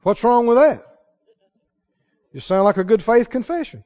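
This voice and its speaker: A man preaching a sermon, dramatic and animated, quoting scripture and building to shouted peaks. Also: very high voice, normal speed, dull audio.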